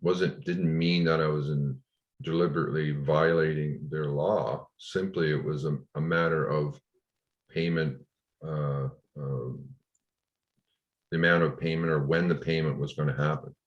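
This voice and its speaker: A man telling of his ordeal in an interview, frustrated and indignant, with halting restarts. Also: extremely low pitch, fairly even intonation, reverberant. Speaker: interview guest. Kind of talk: recounting a personal ordeal in an interview. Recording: dull lo-fi audio.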